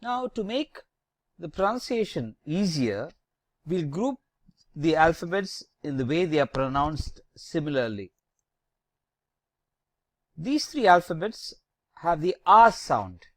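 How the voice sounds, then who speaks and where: A French teacher giving a slow, deliberate lesson, spelling out each letter with careful emphasis. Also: medium pitch, sing-song, no echo, clean studio sound.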